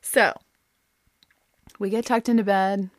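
A woman telling a personal family story in a chatty, animated way, full of fillers and quick laughs. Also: medium pitch, dry recording, studio quality. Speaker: storyteller sharing a family anecdote; mother.

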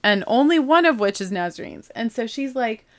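A woman in her thirties, a mother, telling a personal story in a chatty, animated way and laughing now and then. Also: fairly high pitch, normal speed. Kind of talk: casual storytelling.

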